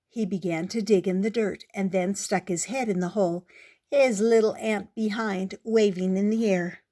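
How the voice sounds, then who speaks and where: An older woman reading a picture book aloud in an expressive storytelling manner. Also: medium pitch, moderate pace.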